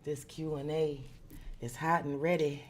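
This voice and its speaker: Tarot reader, woman, relaxed slow delivery, greets chat by name. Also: sits low, slight background noise. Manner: chatty, greets viewers by name; drops into soft asides while fiddling with setup. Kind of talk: casual live-stream chat.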